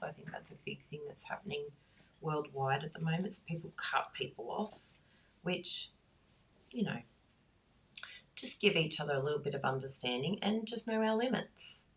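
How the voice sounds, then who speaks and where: A middle-aged woman, hosting a craft class and chatting in a rambling, warm way that breaks into laughs. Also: extremely low pitch, creaky, recorded from a distance. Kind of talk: chatty talk while crafting.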